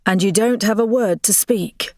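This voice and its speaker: A woman's voice: medium pitch, moderate pace, a little mellow, no room sound, studio quality, voice pushed up, close to an everyday voice. A woman playing a sneering aristocratic rake. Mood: mocking. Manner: mocking, coolly sarcastic. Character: cold, disdainful aristocratic rake, a young English lord.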